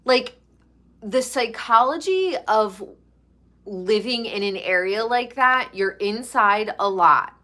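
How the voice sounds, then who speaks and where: A woman's voice: medium pitch, lively intonation, takes it slowly, pushed and bright. A woman from New York chatting casually and gossipily as a pop culture commentator, drawing out her words for emphasis. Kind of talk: casual chat.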